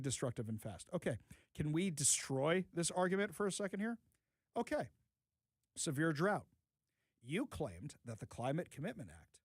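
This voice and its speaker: A man hosting a political talk radio show, sarcastic and animated, repeating phrases for emphasis. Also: on the high side, no room sound.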